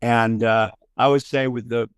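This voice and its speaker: An older man from California, a basketball coach, answering an interview question in a thoughtful, halting way with many fillers. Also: medium pitch, steady tone, clear, resonant tone, no echo, clean studio sound.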